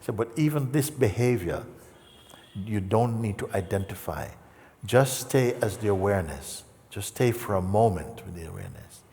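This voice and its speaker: A man giving a gentle, conversational spiritual talk in a large hall, acting out the people he quotes. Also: fairly low pitch, expressive, moderate pace. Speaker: spiritual teacher. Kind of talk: satsang talk. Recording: reverberant hall.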